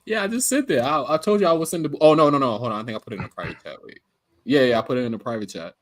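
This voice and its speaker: A man from New Jersey chatting casually on a podcast, relaxed and slangy, often chuckling. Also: mid-range voice, racing.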